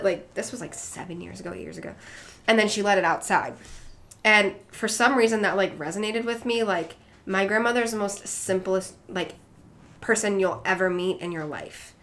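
A woman's voice: mid-range voice, normal speed, a bit bright. A young woman talking candidly as a podcast guest, rambling with many "like" and "um" fillers. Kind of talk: candid personal conversation.

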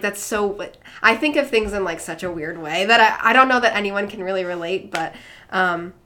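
A woman's voice: medium pitch, a bit bright. A young woman talking candidly as a podcast guest, rambling with many "like" and "um" fillers. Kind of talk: candid personal conversation.

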